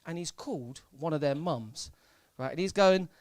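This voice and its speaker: A young man from Southampton doing a live stand-up set in a comedy club, deadpan and hesitant, full of fillers and repeats. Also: on the high side, normal speed, dry recording. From Southampton, England.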